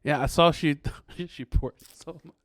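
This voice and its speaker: A man's voice: on the high side, measured pace, fairly bright tone, no echo, studio quality. A man co-hosting a casual podcast chat, easygoing and agreeable, laughing often. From Philippines. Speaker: podcast co-host.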